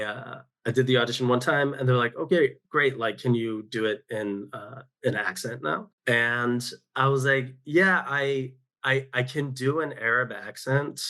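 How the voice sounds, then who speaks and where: A man, a guest actor telling stories in a casual podcast interview, often pausing and correcting himself mid-sentence. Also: medium pitch, fairly bright tone. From San Francisco Bay Area, USA. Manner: halting, self-correcting storyteller.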